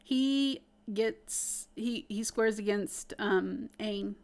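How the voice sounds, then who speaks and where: A woman chats with a friend and recaps a show she loves. Her voice sits at an ordinary middle pitch, and she talks eagerly with plenty of fillers as the story spills out. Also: very slow, darkish tone. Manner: eager storyteller, lots of "like" and "you know". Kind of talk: casual chat, recapping a cartoon series.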